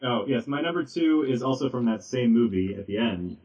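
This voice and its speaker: A man on a casual podcast, talking haltingly with many ums and restarts. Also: medium pitch, animated, darkish tone, recorded from a distance. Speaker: podcast guest. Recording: dull lo-fi audio, a bit off mic.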